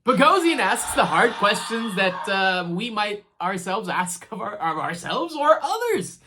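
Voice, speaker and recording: Animated woman ranting about a TV show. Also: medium pitch, a little slow, noisy background. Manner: animated, talks straight to the characters; chatty, rambling, laughs easily. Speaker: TV show reviewer. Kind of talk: casual commentary vlog.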